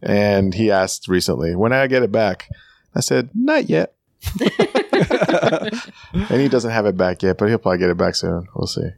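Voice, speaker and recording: A man in his forties telling a dry, relaxed story about his teenage son in casual chat. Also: deep voice, brisk, creaky, no room sound.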